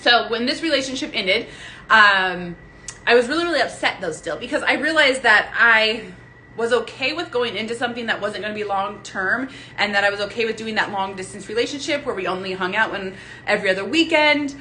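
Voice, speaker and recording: A woman's voice: fairly high pitch, brisk, sharp tone, a little hiss or hum, rough recording. A young woman talking casually to her viewers on a live phone stream at home, chatty and rambling, with lots of fillers and restarts. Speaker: vlogger. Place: home room lit by a ring light.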